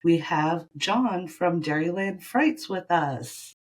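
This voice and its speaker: A woman's voice: lowish voice, lively intonation, slow pace, breathy edge. A woman hosting a podcast in casual chat, a little stuffy from the sniffles. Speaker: podcast host.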